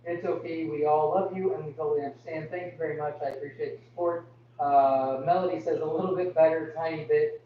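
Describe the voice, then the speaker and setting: A young man hosting a live farm Q&A, reading viewer comments aloud and answering with apologies, straining his voice to talk louder. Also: on the high side, steady tone, fairly quick. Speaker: farm livestream host. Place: indoors on a farm. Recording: muffled, distant, echoey, with hum.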